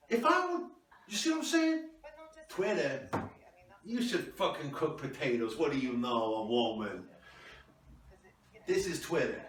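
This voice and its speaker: Man playing a bullying swearing internet warrior, higher pitched and loud, roomy distant sound. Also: a little hiss or hum. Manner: profane, bullying, bombastic war talk. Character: ranting, self-important online free-speech warrior, man. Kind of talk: comedic character sketch. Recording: echoey, mic far off.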